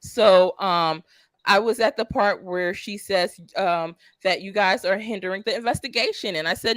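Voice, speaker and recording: A woman's voice: mid-range voice, moderate pace, fairly bright tone, dry recording. A woman hosting a true crime livestream, chatty and laughing often as she talks straight to her viewers. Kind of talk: casual livestream commentary.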